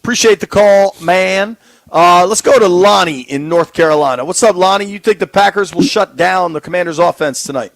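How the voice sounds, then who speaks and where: Gravelly, laid-back sports radio host. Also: male voice, high voice, moderate pace, no room sound. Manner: laughs easily, hesitant with fillers. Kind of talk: casual sports radio talk. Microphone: studio microphone.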